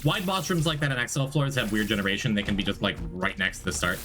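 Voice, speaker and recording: A man's voice: lowish voice, fast talker, music in the background. A man streaming a game, chatting casually, rambling and joking as he reads and answers chat. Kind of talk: casual live-stream chat while gaming.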